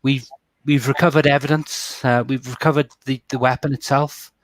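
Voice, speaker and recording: A man voicing a nervous male security official in a tabletop role-play, reporting in halting, stammering sentences. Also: medium pitch, steady tone, no room sound, lightly acted, rough recording. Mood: dutiful.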